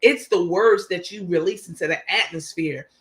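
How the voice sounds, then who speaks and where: A woman's voice: fairly low pitch, moderate pace. A woman with a New York accent hosting a livestream, talking emphatically and indignantly while reading messages aloud. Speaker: host. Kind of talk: livestream commentary.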